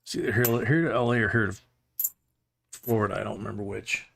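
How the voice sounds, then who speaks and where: A man's voice: fairly low pitch, fast, gravelly, a bit bright, slight background noise. A middle-aged man hosting a livestream, rambling through a casual anecdote with chuckles. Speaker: livestream host.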